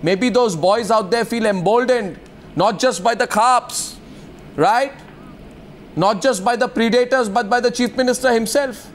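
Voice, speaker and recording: High-pitched, hectoring anchor. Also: male voice, a little slow, a little hiss or hum. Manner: hectoring, repeats demands over guests. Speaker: news debate anchor. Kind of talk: confrontational TV debate moderation.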